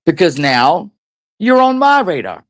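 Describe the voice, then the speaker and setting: A woman's voice: fairly low pitch, very animated, measured pace. A woman ranting angrily on a livestream as a guest, profane, confrontational and taunting. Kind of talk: angry livestream rant.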